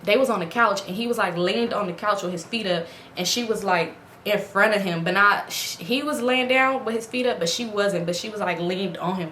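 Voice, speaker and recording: A female vlogger sits at home at night before a ring light, animatedly telling her viewers a casual story and raising her voice to act out the quoted lines. Her pitch is medium, the sound is roomy, and there's slight background noise.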